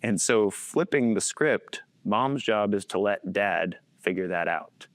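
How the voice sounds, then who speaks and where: A man in his thirties speaks as a podcast guest in a somewhat low voice, recorded dry and close. He shares personal stories in an earnest, conversational way and often chuckles as he talks. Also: expressive, slow pace, no room sound. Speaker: podcast guest, faith-based coach.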